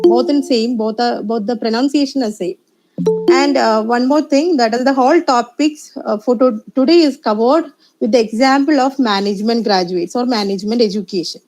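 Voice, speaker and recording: Halting Indian English woman lecturer. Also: fairly high pitch, darkish tone, low-quality recording. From Kerala, India. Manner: hesitant, many uh fillers and restarts. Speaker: assistant professor presenting a talk. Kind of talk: online lecture presentation. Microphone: video call.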